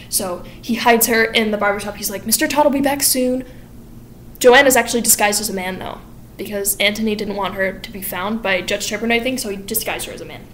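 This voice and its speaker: A woman hosting a casual vlog, retelling a story in a chatty way and slipping into quick voices for the characters. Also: mid-range voice, a bit bright, slight background noise. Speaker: channel host. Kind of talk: casual plot summary vlog.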